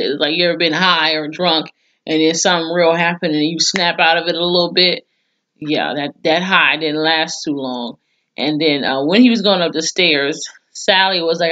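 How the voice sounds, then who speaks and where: A woman's voice: sits low, sharp tone, muffled recording. A woman giving a blunt, chatty recap of a TV episode, swearing freely and reacting with mock disgust. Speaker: TV episode reviewer. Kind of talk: casual spoken recap.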